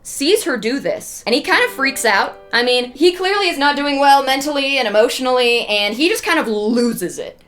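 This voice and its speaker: A woman's voice: sits high, lively intonation, moderate pace, hardly any pauses, a bit bright. A woman streamer casually retelling an ancient epic in a chatty, humorous way, with lots of asides. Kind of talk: casual storytelling.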